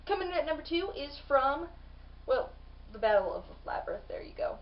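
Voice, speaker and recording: A woman's voice: high voice, big pitch swings, brisk, far from the mic, highs cut off. A young woman chatting casually in a book vlog, bubbly and full of fillers and restarts. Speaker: book vlogger.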